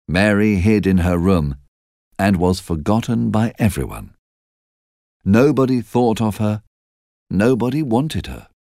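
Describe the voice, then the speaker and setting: A man reading a children's story aloud in a measured, expressive way. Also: deep voice, dry recording, studio quality. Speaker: narrator. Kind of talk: scripted storybook narration.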